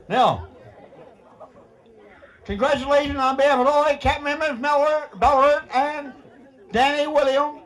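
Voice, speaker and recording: Man, Newfoundland accent, high voice, jovial teasing emcee, faint crowd behind. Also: measured pace, pauses often, a little hiss or hum. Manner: teasing, folksy, laughing often. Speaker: master of ceremonies at a screech-in. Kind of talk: jovial ceremony banter.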